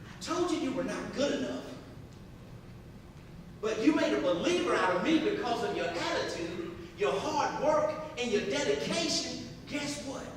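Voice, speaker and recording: A tough, demanding high school basketball coach, voiced by a man telling a story, speaks bluntly and with command. His voice is high and lively. It comes from far off in a reverberant hall with steady noise. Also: moderate pace. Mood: proud.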